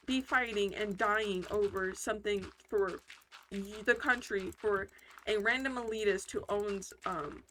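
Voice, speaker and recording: A woman's voice: mid-range voice, a bit bright, slight background noise. A woman hosting casual gameplay commentary, talking in a rambling, heated way with lots of fillers and restarts. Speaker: gaming channel host.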